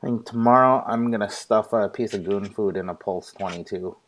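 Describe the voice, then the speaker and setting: Man, lowish voice, relaxed, casual group chat, cusses. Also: fairly quick, a little hiss or hum.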